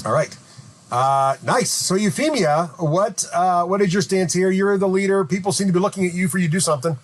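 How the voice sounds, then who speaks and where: A man running a tabletop role-playing game, talking in a casual, halting way, full of little pauses. His voice sits fairly high for a man. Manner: casual, hesitant with fillers. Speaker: game master.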